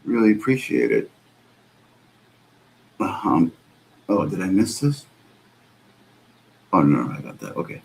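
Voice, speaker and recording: A man's voice: low voice, very animated, measured pace, vocal fry, pauses often. Sarcastic, swearing male stream host. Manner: exasperated, sarcastic, swears a lot. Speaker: streamer host reacting to clips. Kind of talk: profane reaction commentary.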